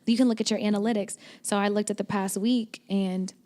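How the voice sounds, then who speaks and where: Chatty young woman with a mellow voice. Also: medium pitch, steady tone, brisk. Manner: chatty, acts out little quoted exchanges. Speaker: podcast co-host. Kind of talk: casual chat.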